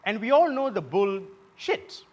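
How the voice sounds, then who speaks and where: A man with a Malaysian English accent performing a satirical comedy monologue as host on a live theatre stage, punchy and given to shouting his punchlines. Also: high-pitched, big pitch swings, unhurried, muffled recording. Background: audience laughter.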